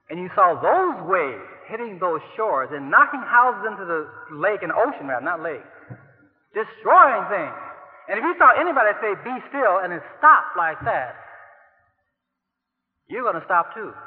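A man preaching a sermon who swings between soft asides and loud, emphatic outbursts and asks his listeners direct questions. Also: high voice. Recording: tinny phone-like sound in a long-reverb hall.

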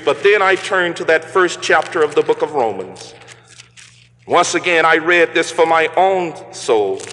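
A male pastor delivering a sermon with slow, emphatic phrasing that rises into exclamations. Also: on the high side, fairly bright tone, long reverb tail.

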